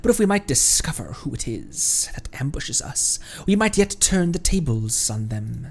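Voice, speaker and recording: A man's voice: mid-range voice, big pitch swings, moderate pace, creaky, darkish tone. A man voicing an ancient spirit bound in a bottle who speaks in a courtly, archaic, theatrical way. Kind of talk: game dialogue read aloud on stream.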